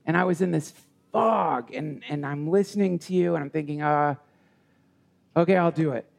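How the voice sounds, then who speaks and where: A man telling a personal story in conversation, earnest and halting with many restarts. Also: on the high side, creaky. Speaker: guest.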